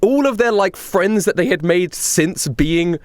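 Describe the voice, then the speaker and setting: A man's voice: sits high, lively intonation, unhurried, dry recording. A man hosting a casual podcast chat, telling long rambling anecdotes. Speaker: podcast host.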